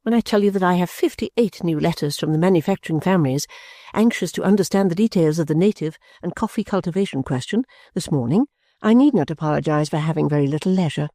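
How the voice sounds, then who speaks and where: A self-absorbed, middle-aged mother, played by a woman, who brushes off her child in a calm, clear, lowered voice. Her manner is smooth and condescending, and the tone is mellow. The sound is dry and close. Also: fast, no room sound. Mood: serene, dismissive. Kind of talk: audiobook character voice.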